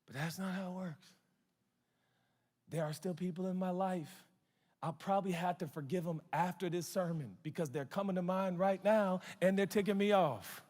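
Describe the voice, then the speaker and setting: A man in his forties preaches with animated, conversational humor. His voice sits high for a man. The sound rings out with a long reverb, as in a large church auditorium. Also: moderate pace. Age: 40s. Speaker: pastor. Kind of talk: sermon.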